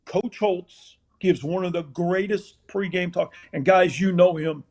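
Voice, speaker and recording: Older man, high gravelly storyteller. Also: unhurried. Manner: animated storyteller, acts out scenes. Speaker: former college football assistant coach, guest. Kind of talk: casual anecdotal storytelling.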